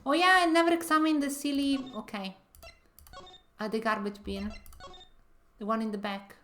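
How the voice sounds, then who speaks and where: A woman's voice: fairly high pitch, little pitch movement, moderate pace, a bit bright, faint music behind. Chatty woman streaming a game. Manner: giggly, chatty. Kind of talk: casual game commentary.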